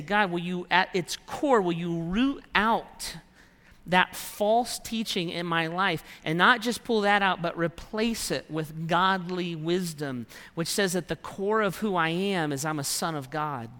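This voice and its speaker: High-voiced male pastor in a reverberant hall. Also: bright, forceful tone. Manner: conversational preaching, acts out quoted prayers. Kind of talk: sermon.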